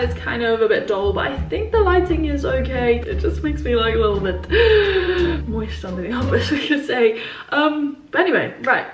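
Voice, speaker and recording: A woman's voice: a little high, reverberant. A young woman in her twenties chatting casually to camera as a vlogger, rambling with many fillers. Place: indoors at home.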